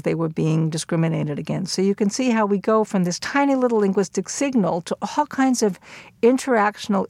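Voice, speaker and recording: An older woman explaining linguistics in a measured lecture, with occasional fillers. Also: medium pitch, vocal fry, no room sound.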